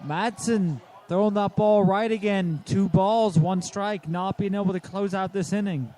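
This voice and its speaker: A man's voice: sits high, unhurried, dark tone, slight background noise. A man co-hosting a live sports radio show, giving analytical play-by-play and building emphasis on key moments. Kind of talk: live game commentary.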